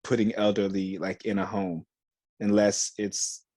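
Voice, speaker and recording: A young man co-hosting a podcast chats casually, acting out quotes as he tells a story, with plenty of slang and free swearing. His voice is lowish and a bit dark, level in tone and a little slow, with no echo.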